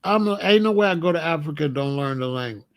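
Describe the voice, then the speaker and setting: A man's voice: on the high side, expressive, fast, dry recording. A man from Chicago hosting a casual commentary monologue, talking in loose slang, laughing often and repeating his points. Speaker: commentary channel host.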